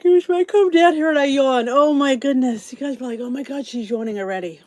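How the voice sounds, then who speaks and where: A woman's voice: high-pitched, a little fast, darkish tone, no room sound. A middle-aged woman hosting a casual livestream chat, greeting viewers and reading their comments aloud. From New Jersey, US. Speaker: channel host.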